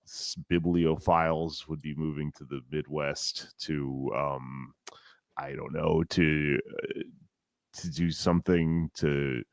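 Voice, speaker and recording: A man in his forties co-hosting a podcast, chatting casually in a rambling, animated and profane way. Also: a bass voice, slow pace, no echo, clean studio sound. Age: 40s. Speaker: podcast co-host.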